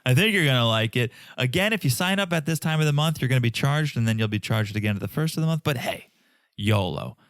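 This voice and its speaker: A man co-hosting a podcast in a playful, chatty way, with a lively, swooping pitch. He laughs easily, and the close mic sounds dry. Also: fast, no room sound. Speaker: podcast co-host. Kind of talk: casual chat.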